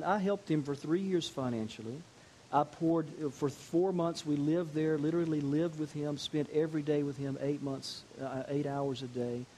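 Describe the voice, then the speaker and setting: An older man preaching as a pastor, telling a story and shifting from quiet, intimate moments to emphatic declarations. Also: on the high side, poor audio. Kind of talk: sermon. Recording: faint hiss.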